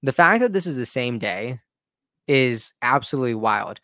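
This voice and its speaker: A man's voice: mid-range voice, very animated, normal speed, sharp tone, no echo, studio quality. A man hosting his own commentary channel, talking in an opinionated, conversational way and restarting his sentences. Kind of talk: casual political commentary.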